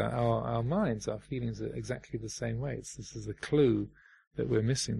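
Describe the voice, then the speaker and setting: A man giving a reflective Dharma talk as a meditation teacher, pausing often and restarting his phrases. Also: medium pitch, gravelly, a little mellow, slightly rough. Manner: reflective, halting, many fillers and restarts.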